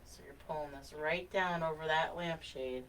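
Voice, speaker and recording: Woman, painting instructor, gentle step-by-step, slightly low voice, distant mic, faint hiss. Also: moderate pace. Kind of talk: live online painting lesson.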